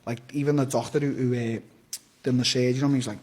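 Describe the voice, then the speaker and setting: A man's voice: mid-range voice, steady tone, fast talker, darkish tone. A young man telling a story on a podcast, rambling and blunt, swearing freely and often restarting his sentences. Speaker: podcast guest. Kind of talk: casual storytelling.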